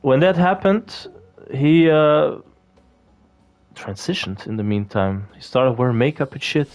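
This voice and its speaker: A gaming video creator chats casually while playing, rambling and swearing with lots of fillers and restarts. His medium-pitched voice is unhurried and darkish in tone.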